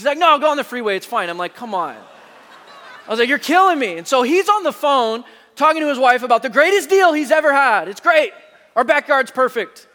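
Man, pastor, sermon, animated storytelling, bright tense voice, long reverb. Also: very high-pitched. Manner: animated storytelling preacher, rising to shouts.

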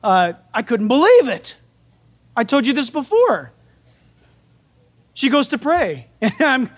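Speaking slowly and pausing often, a pastor with a very high-pitched voice delivers a folksy, conversational sermon. He brings his stories to life by performing the characters' lines, biblical dialogue among them.

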